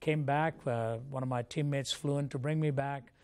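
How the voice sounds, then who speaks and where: A man's voice: mid-range voice, steady tone, moderate pace, darkish tone. An older man from India, a Christian apologist, telling his life story as an interview guest in an earnest, reflective way.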